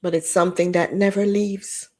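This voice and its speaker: A woman, hosting a livestream and telling a personal story in a candid, emotional way with lively quoted dialogue. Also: fairly low pitch, moderate pace. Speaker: livestream host.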